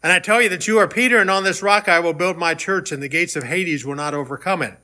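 A man's voice: high voice, quick pace, pushed and bright. A man preaching a sermon in a conversational way, rising into emphatic questions. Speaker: pastor.

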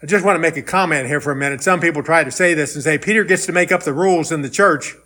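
A man's voice: fairly high pitch, fast, sharp tone. A man preaching a sermon in a conversational way, rising into emphatic questions. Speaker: pastor.

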